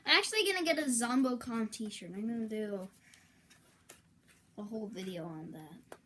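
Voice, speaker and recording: A woman's voice: on the high side, animated, normal speed, fairly bright tone, slight background noise. A woman YouTuber in casual vlog talk, rambling and interrupting herself, with melodramatic outbursts.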